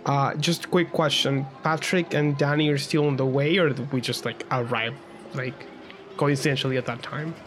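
A man's voice: mid-range voice, steady tone, moderate pace, a bit bright, soft background music. A man playing in a tabletop game, chatting playfully and often trailing off and restarting his sentences. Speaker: player. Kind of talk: casual game chat.

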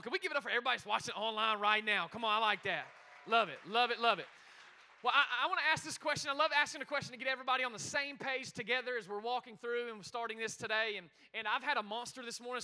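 A man preaching a lively interactive sermon, calling out to the congregation and talking quickly and chattily. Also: high voice, clear, resonant tone. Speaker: pastor. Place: church sanctuary.

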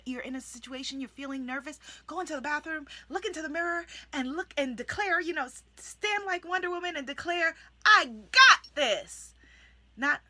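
High-voiced and full of energy, a woman life coach gives a motivational talk to the camera for an online channel video. She animatedly acts out her affirmations, shifting into a softer demonstrative tone, and the recording has no room sound.

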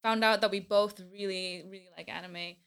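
A relaxed woman musician chatting as a podcast guest. Her voice is bright, smooth and crisp, at a middle pitch. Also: normal speed. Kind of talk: casual podcast chat.

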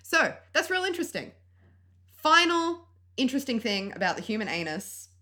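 A woman's voice: high-pitched, big pitch swings, normal speed, sharp tone. A woman co-hosting a comedic podcast, explaining biology in a playful, enthusiastic way and swearing casually. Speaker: podcast co-host explaining science.

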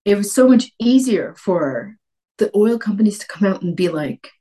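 A woman author from Cape Breton, talking in an interview in an animated way with many restarts and acted-out quotes. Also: mid-range voice, moderate pace. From Cape Breton, Canada. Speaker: author guest. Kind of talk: conversational interview.

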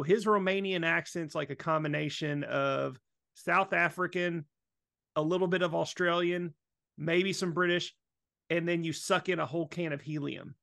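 Gravelly, enthusiastic man. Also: on the high side, fairly bright tone, dry recording, studio quality. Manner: enthusiastic, halting restarts. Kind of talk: casual chat.

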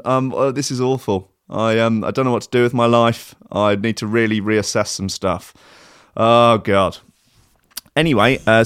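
A man's voice: mid-range voice, fairly bright tone, smooth, dry recording, studio quality. A man hosting a streamed comedy show, ranting sarcastically and swearing in exasperation. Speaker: host.

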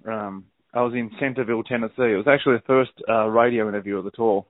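A man's voice: mid-range voice, fairly even intonation, fast talker, dry recording. A man with an Australian accent, telling rambling stories in a casual podcast chat. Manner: laid-back, rambling storyteller with many fillers. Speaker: guest. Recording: dry, phone-like narrow sound.

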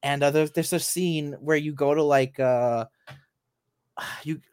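A man's voice: fairly high pitch, steady tone, slow, a little mellow, no room sound. Rambling man on a dry close mic. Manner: rambling, many fillers and restarts. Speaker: podcast co-host. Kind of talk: casual chat about games and anime.

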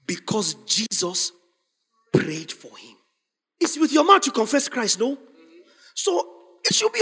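A man preaching a sermon, acting out scripture scenes and building up to shouted lines. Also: sits high, slightly rough. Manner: dramatic, acts out scripture voices, builds to shouting. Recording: long hall reverb.

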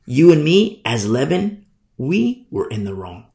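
A man's voice: medium pitch, very animated, measured pace, gravelly, a little mellow, echoey room. A man preaching a sermon as a pastor, emphatic and conversational, driving points home through repetition.

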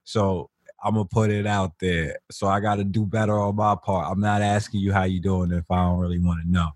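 Man, young adult, low voice, dry close sound, blunt, slangy, animated podcast talk. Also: brisk, no echo. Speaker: podcast co-host. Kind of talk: casual podcast banter.

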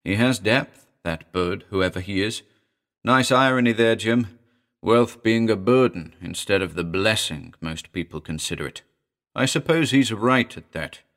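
A man's voice: on the low side, unhurried, a bit bright. A man voicing a grim, dying man with bitter, sardonic gallows humor. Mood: bitter, ironic. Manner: sardonic, mirthless.

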